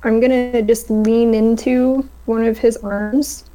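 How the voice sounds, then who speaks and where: High, mellow-voiced woman player. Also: flat delivery, takes it slowly, rough recording. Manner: playful, scheming. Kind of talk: casual tabletop play.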